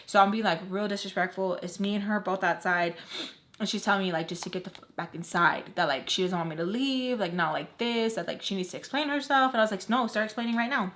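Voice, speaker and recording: A woman's voice: mid-range voice, quick pace. A woman telling a candid storytime vlog. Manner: candid and animated, acts out the people in the story; blunt, swears freely. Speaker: beauty vlogger. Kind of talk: casual storytime while doing makeup.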